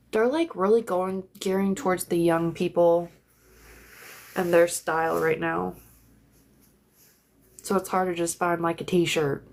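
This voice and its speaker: A young woman hosts a casual phone livestream from home in bed, chatty and rambling, swearing freely. Her voice is lowish with a darkish tone, and there's slight background noise.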